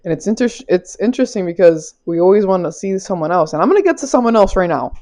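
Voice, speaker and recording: A young woman delivers a casual tarot reading in a loose, chatty way, with an easy laugh and the odd swear word. Her voice sits at a middling pitch with a mellow, unforced tone. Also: lively intonation, fast talker. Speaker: tarot reader. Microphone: small clip-on mic.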